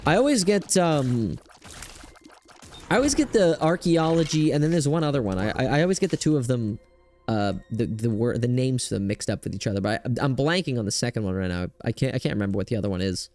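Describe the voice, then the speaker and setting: A young man giving casual gameplay commentary as a streamer, rambling and excitable with lots of fillers. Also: mid-range voice, fairly quick, faint music behind. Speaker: gaming streamer.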